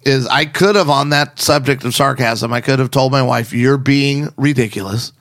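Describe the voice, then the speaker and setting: A man with a gravelly, creaky voice of middle pitch, chatting casually and giving advice to husbands. He tells stories in a sarcastic, animated way. The sound is close and dry. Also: normal speed, no room sound. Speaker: podcast co-host.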